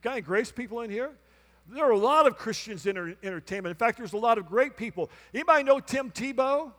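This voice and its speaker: A man's voice: very high-pitched, expressive, quick pace, a bit bright, long reverb tail. A male pastor preaching a sermon, telling a story and acting out both sides of a conversation, calling out to the congregation. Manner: calls out to the congregation. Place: church sanctuary.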